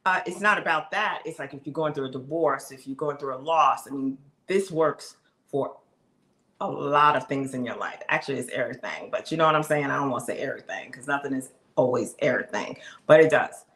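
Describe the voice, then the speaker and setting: A woman hosting her own live stream, chatting excitedly and preaching straight to her viewers. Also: very deep voice, brisk, reverberant. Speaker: live show host.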